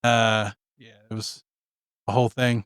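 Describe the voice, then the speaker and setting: A man's voice: fairly low pitch, flat delivery, unhurried, fairly bright tone, clear, resonant tone, dry recording, studio quality. A man co-hosting a podcast, telling a story in a laid-back way with casual swearing. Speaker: podcast co-host.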